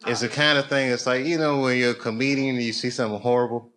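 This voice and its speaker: A man's voice: mid-range voice, fairly even intonation, fast, fairly bright tone. A man doing stand-up crowd work on a comedy club stage, telling loose stories with lots of laughter and swearing. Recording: live club recording with crowd noise.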